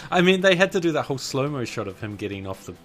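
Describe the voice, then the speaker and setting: A man co-hosting a podcast in casual chat, joking dryly and trailing off quietly at the ends of his sentences. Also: mid-range voice, very animated, fast talker, faint music behind. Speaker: podcast co-host.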